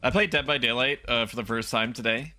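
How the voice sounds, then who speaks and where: A young man livestreaming a video game as a VTuber, chatting with viewers and breaking into loud, animated outbursts at the game. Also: medium pitch, fairly quick, noisy background. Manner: animated, yells and laughs at the game. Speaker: VTuber streamer. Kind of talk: gaming livestream commentary.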